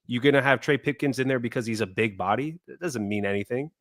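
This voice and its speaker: A mid-pitched man co-hosts a sports podcast and vents with heated frustration. His delivery is casual and emphatic. The sound is dry and close. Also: fast talker, a bit bright, no room sound. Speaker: podcast co-host.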